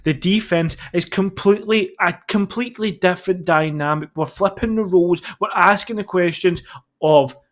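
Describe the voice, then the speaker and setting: Higher-voiced male esports analyst, thinking aloud. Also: moderate pace. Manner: conversational, thinks aloud with fillers. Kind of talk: colour commentary.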